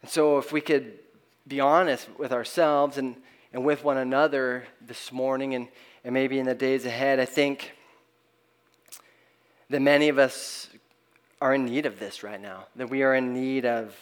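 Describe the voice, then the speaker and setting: A middle-aged man preaching a sermon at a middle pitch. He talks in an earnest, halting way, restarts his phrases often, and lets the ends of his lines fall away softly. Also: steady tone, smooth. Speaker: pastor.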